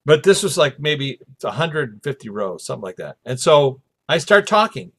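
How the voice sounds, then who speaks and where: Lively man telling a story. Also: on the high side, normal speed. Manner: animated, acts out quoted voices. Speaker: podcast host. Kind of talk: casual storytelling chat.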